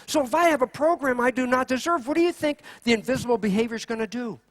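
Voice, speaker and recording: High-voiced man giving a lively lecture. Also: quick pace. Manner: animated, rhetorical questions, acts out quoted voices. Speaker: conference speaker. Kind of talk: keynote lecture.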